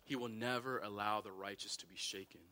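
A man's voice: on the low side, fairly even intonation, brisk, pushed and bright. A man preaching a sermon as pastor, repeating phrases and building to impassioned emphasis.

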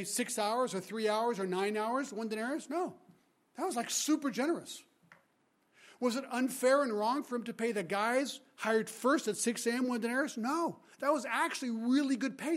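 A man preaching a sermon as a guest speaker, retelling the story with lively energy and asking the congregation rhetorical questions. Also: very high voice. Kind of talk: expository sermon.

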